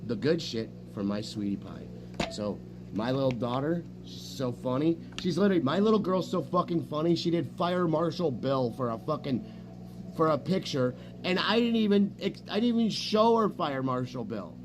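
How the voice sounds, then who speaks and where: On a livestream, a man with a fairly high, expressive voice chats casually at a moderate pace, swearing often and bragging as he hops from one story to the next. The room is noisy, with a hum underneath.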